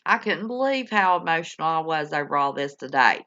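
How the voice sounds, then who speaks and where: A woman's voice: sits low, animated, a little fast, sharp tone. An older woman, chatting casually and affectionately with viewers on her livestream. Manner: folksy and affectionate, calling viewers honey and y'all. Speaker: livestream host. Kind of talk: casual chat with live viewers. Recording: dull lo-fi home stream audio.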